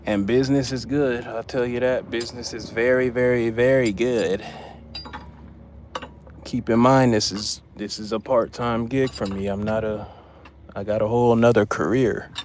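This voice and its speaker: A man's voice: medium pitch, steady tone, normal speed, darkish tone, a little hiss or hum. A man chatting casually on a livestream while he works on a car as a part-time mobile mechanic, repeating himself for emphasis.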